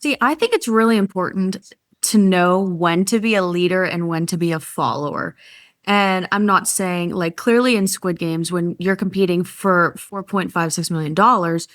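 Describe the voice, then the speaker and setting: A woman's voice: on the low side, moderate pace, dry recording. Reflective woman guest. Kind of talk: casual group conversation.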